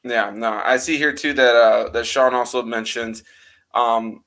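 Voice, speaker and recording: A man hosting a relaxed conversation, talking in long winding stretches full of ums and likes. His voice is bright and forward, at an ordinary middle pitch. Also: a little slow. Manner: rambling, animated, many fillers. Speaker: host. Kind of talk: casual chat.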